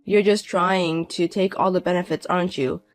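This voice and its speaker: A man's voice: high voice, steady tone, normal speed, soft background music. A man in his fifties voicing a broke, desperate ex-husband who talks in a pleading, self-pitying way, in a narrated audio drama. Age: 50s.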